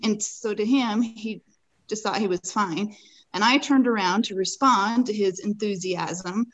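A woman's voice: medium pitch, unhurried, highs cut off. A woman guest on a podcast, recounting a personal experience in earnest, vivid detail. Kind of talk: personal storytelling in a conversation.

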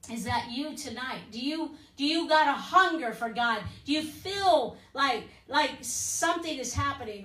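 A woman's voice: high voice, fairly bright tone, echoey room, distant mic, rough recording. A woman preacher delivering a fervent broadcast sermon and altar call, pleading with listeners and dropping in "listen" and "amen?" as she goes.

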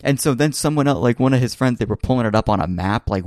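Talking fast and barely pausing, a young man with a medium-pitched, darkish voice rambles through a long, funny story. He laughs, restarts and fills his speech with fillers in a casual chat, recorded in studio quality with no echo.

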